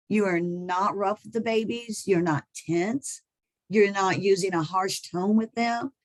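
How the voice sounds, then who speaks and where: Middle-aged woman trainer, plain explanatory delivery with soft baby-talk examples, dry close sound. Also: medium pitch, no room sound, low-quality recording. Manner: demonstrates soft, sing-song talk to babies. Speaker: early learning trainer. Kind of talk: training presentation.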